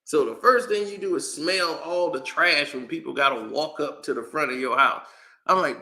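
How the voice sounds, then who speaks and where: A man holds forth in a loose, unscripted rant. His voice is very bright and sits a little high for a man. He talks with exasperated energy, slangy and quick to laugh. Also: animated. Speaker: commentary channel host. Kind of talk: casual opinion rant.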